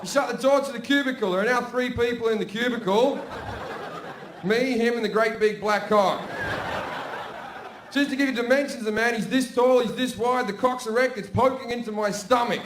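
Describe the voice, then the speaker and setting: A man's voice: very high-pitched, fairly quick, background noise. An Australian man performing a crude stand-up routine, telling stories full of swearing and asides to a live audience. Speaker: stand-up comedian. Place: stage before a laughing audience. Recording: roomy live venue sound.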